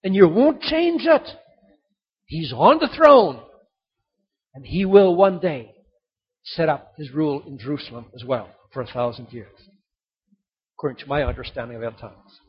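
Older male pastor, high husky voice, lively sermon delivery, muffled lo-fi recording. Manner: animated, dramatic storytelling with sudden loud and soft swings. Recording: dull lo-fi sound.

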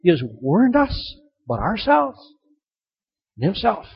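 Husky pastor preaching, lo-fi. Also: male voice, sits high, wildly swooping pitch, unhurried. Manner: storytelling, swinging between loud emphasis and soft drops. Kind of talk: sermon. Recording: dull lo-fi recording.

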